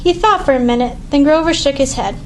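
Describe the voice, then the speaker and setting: Storybook reader: woman, high voice, clear and measured, faint hiss behind. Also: low-quality recording. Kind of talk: reading a picture book aloud.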